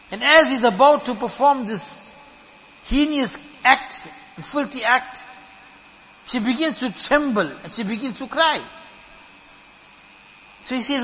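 A man's voice: very high voice, pushed and bright, long reverb tail, poor audio. A man giving a sermon, earnest and emphatic, who often repeats words as he builds a point. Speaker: preacher.

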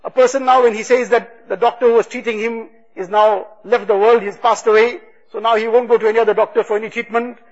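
A man giving a religious talk, retelling stories with quoted dialogue in a husky voice. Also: extremely high pitch, steady tone, fast talker, darkish tone. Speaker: religious speaker. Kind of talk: sermon storytelling. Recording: dull lo-fi recording.

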